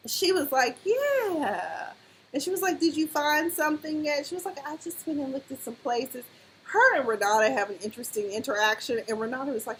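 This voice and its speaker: Animated woman recapping TV drama. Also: on the high side, fairly quick, slight background noise, rough recording. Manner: animated, acts out characters' lines in quotes. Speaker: TV recap vlogger. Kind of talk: casual TV episode review.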